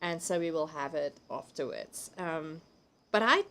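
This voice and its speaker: A woman's voice: sits low, lively intonation, a little slow, bright, forceful tone. A South African woman hosting a live crafting stream from home, chatting casually, laughing often and reading viewer comments aloud. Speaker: livestream host.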